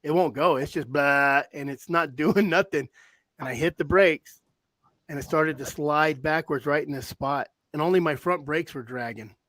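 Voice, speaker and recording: A man hosting a casual talk show, telling rambling, animated hunting stories with frequent restarts. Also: a little high, normal speed, no room sound. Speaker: podcast host, hound hunter. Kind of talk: casual storytelling chat. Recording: dry close-mic sound.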